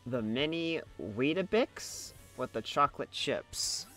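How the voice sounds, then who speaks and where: A man's voice: a little high, animated, takes it slowly, sharp tone, faint music behind. A man streaming a game, reading chat aloud in a playful way and laughing easily.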